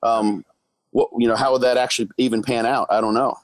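A man speaking as a guest in a casual discussion, measured and a little hesitant, restarting his words. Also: medium pitch, steady tone, no echo, rough recording. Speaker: guest, coach.

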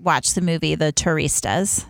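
A woman's voice: low voice, normal speed, gravelly, no echo, clean studio sound. A woman co-hosting a podcast who reacts in a wry, teasing way and laughs often. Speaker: podcast co-host. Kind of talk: casual chat.

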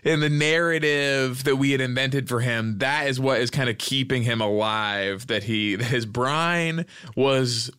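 Deadpan rambling man on a dry studio mic. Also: mid-range voice, a little slow, clear, resonant tone, dry recording. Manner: ironic, rambling with fillers. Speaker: podcast co-host. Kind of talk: deadpan comedic banter.

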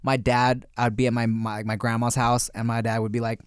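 A man's voice: mid-range voice, flat delivery, fairly quick, clean tone, dry recording, studio quality. A laid-back man chatting casually as a podcast co-host, slangy and full of "bro" and "like". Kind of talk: casual chat.

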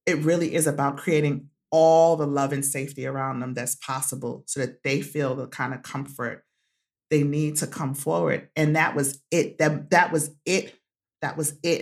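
A woman guest author sharing a personal story in an interview, animated and repeating phrases for emphasis, laughing often. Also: low-pitched, normal speed. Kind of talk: emotional conversational interview.

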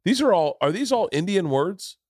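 A man hosting a casual podcast chat, talking in a loud, jokey, profane way. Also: high voice, big pitch swings, moderate pace, dry recording, studio quality.

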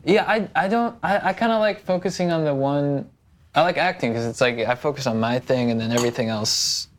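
A man's voice: fairly high pitch, brisk, a little hiss or hum. Rambling man chatting casually. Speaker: guest. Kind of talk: casual chat.

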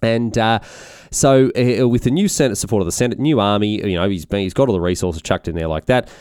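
A man's voice: on the low side, fairly quick, darkish tone, clean tone, no echo, studio quality. A man narrating history in a comedic, irreverent, rambling way. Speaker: history storyteller.

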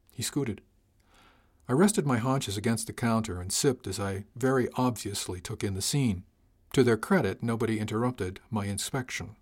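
A man's voice: on the low side, fairly quick, husky. A man reading a first-person story aloud, giving his captain's lines a dry, commanding tone. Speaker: narrator. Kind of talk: first-person audiobook narration.

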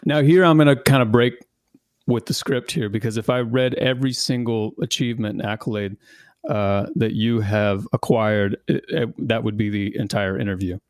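A man's voice: lowish voice, moderate pace, no echo, studio quality. A man hosting a podcast interview, upbeat and enthusiastic as he introduces and questions his guest. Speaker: podcast host.

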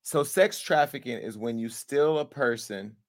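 A man hosting a call-in talk show, joking and animated as he chats and laughs often. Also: medium pitch, normal speed. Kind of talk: casual chat.

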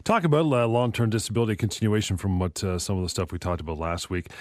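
A man hosting a radio talk show, briskly reading out contact details and listener emails. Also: fairly low pitch, darkish tone, dry recording, clean studio sound. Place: radio studio.

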